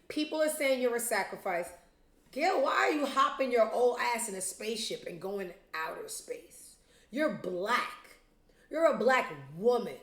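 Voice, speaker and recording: A woman's voice: mid-range voice, a bit bright, roomy sound. A woman hosting a casual commentary show, blunt, profane and sarcastic, talking straight to her viewers. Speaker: show host.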